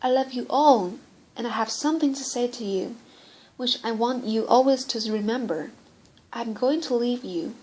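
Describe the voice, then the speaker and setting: A woman reading the part of an earnest, gentle dying young girl in an audiobook, solemn and pleading. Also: on the high side, normal speed, lightly acted, poor audio. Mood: tender.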